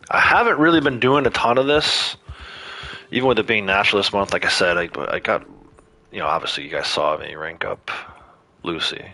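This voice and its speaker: Bright-voiced man chatting over gameplay. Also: lowish voice, lively intonation, moderate pace, pauses often, a little hiss or hum. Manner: chatty, talks to viewers while playing. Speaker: livestreamer. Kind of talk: casual gameplay commentary.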